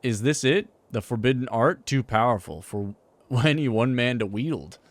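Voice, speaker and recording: A man's voice: medium pitch, lively intonation, moderate pace, a bit bright, no room sound. A man streaming a game, reading its text aloud with playful, jokey asides.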